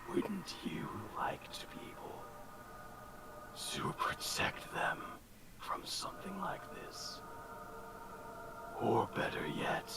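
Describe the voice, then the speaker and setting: A man's voice: a little high, creaky, far from the mic, pitched above the performer's own voice, exaggerated voice. A man in whispered role-play, voicing a cruel spectral spirit that tempts the players with power. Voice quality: whispered, insinuating.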